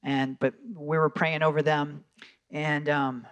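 A man preaching a sermon, telling stories with lively quoted voices and casual fillers. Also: on the high side, slow, clear, resonant tone. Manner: animated storytelling with quoted voices. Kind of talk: sermon storytelling.

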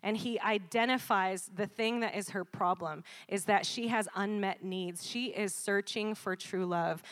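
Lively laughing woman preacher. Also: medium pitch. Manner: call-and-response with the congregation. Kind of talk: sermon.

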